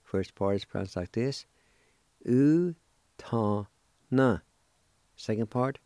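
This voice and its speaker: A man with a Cherokee accent teaching vocabulary on a radio show, spelling and pronouncing each word slowly and deliberately, syllable by syllable. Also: on the low side, animated, dark tone, no echo, clean studio sound. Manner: slow, deliberate, drawn-out syllables. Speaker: language teacher.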